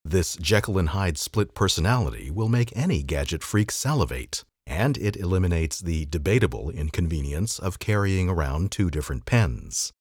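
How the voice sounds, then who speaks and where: A man's voice: sits low, lively intonation, moderate pace, few pauses, husky, no echo. A man hosting a podcast, reading an old magazine article aloud with a dry, wry delivery. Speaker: podcast host.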